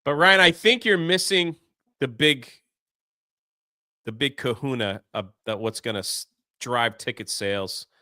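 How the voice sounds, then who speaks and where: Bright, smooth-voiced playful man. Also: mid-range voice, unhurried, long pauses, dry recording, clean studio sound. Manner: playful, teasing. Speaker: co-host. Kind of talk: casual podcast chat.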